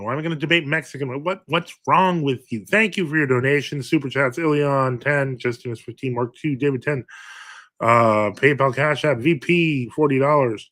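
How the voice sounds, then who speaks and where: A man's voice: on the high side, fairly bright tone. A man, a priest hosting a livestream, chatting casually and reading viewer comments aloud, with many fillers and wry, self-mocking humor.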